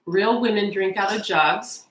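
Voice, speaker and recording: Woman in her 40s doing a tarot reading, chatty and emotional, mid pitch, echoey room. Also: measured pace, a little hiss or hum. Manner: chatty, emotional, talks straight to viewers. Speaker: tarot reader. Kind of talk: casual tarot reading with personal storytelling.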